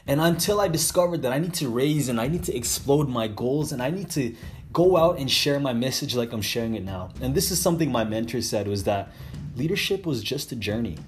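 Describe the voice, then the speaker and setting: A man at an ordinary mid pitch tells a motivational story, looping back over the same phrases. He keeps repeating himself and pushes hard on key words, rambling with sudden emphatic bursts. Soft music plays faintly underneath. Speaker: motivational speaker.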